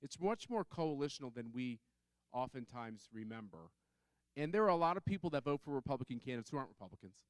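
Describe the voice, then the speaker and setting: A man's voice: medium pitch, sing-song, fast, dry recording. A man on a conference panel telling a story in a chatty way, full of fillers and restarts. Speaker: panel speaker.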